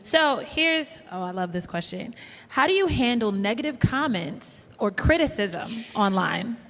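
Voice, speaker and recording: A woman's voice: fairly high pitch, lively intonation, measured pace, a bit bright. A woman moderating a live panel, upbeat and affirming as she asks questions.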